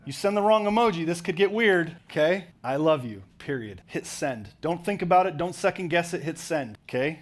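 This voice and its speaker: A man's voice: on the high side, moderate pace, hardly any pauses. A man giving a motivational business talk on stage to a live audience, directive and full of stories. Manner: animated, directive, storytelling. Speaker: business coach speaking on stage. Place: conference hall with audience.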